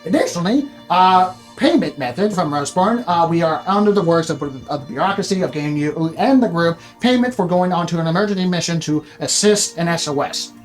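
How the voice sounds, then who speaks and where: A game master voicing a fussy male archivist wizard with a nasal voice, rushing through a long magical message in bureaucratic rambling. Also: medium pitch, animated, faint music behind, lightly acted. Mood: insistent. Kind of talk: tabletop role-play voice.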